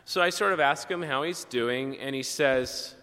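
Guy pastor telling stories from the pulpit, bright sharp voice, long echo of a big church. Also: medium pitch, unhurried. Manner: conversational, storytelling with asides. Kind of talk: sermon with personal stories. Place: church sanctuary.

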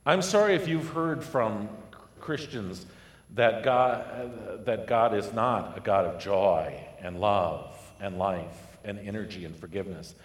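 A man preaching a sermon, telling a parable with lively storytelling and acted-out voices. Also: lowish voice, slow pace. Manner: animated storytelling, acting out voices. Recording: echoey hall with long reverb.

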